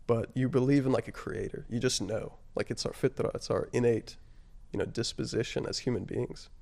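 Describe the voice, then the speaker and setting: A man telling his personal story as an interview guest, halting and reflective, often pausing on fillers and dropping his voice on emotional points. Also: mid-range voice, steady tone, gravelly, a little mellow. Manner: halting and reflective, frequent "like" and "you know" fillers.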